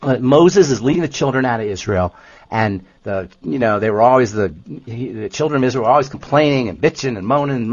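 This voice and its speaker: A man explaining nutrition on a podcast with a lively, swooping delivery and a slightly husky voice. He repeats his points emphatically. The recording has a dull, lo-fi sound. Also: medium pitch, a little fast, dry recording. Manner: animated, emphatic, repeats himself. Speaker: health podcast co-host, nutrition expert. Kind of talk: casual explanatory podcast talk.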